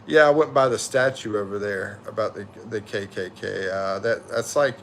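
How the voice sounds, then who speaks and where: A man's voice: lowish voice, normal speed, vocal fry, slight background noise. A tired middle-aged man from the USA hosting a livestream, rambling and correcting himself as he chats loosely with viewers. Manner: rambling, self-correcting, loose slangy talk. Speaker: livestream host. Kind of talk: casual livestream chat reading viewer comments.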